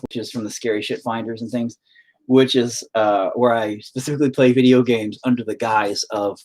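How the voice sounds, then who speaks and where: A man with a rural Southern US accent, chatting casually while he paints, rambling, profane and self-mocking. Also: medium pitch. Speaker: painting video host.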